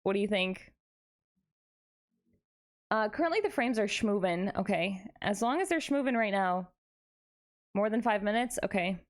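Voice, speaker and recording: A young woman streams live, talking casually to viewers at normal speed in a mid-range voice and pausing often. Her tone is playful and dramatic, full of animated exclamations.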